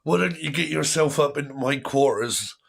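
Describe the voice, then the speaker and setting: A man's voice: a little high, vocal fry, fairly bright tone, pitched above the performer's own voice. A man putting on the voice of a lecherous, boozy male pirate captain, drawing out his flirty lines. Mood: leering. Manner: leering, drawn-out flirty drawl.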